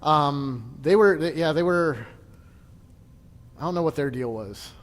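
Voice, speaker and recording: A man's voice: fairly high pitch, measured pace, in a large hall. A man casually leading a church history class, chatty and joking, with frequent restarts.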